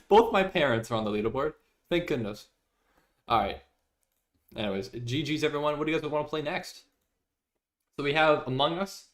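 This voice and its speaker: A young man streaming live, chatting casually with viewers, reading their messages aloud and laughing often. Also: medium pitch.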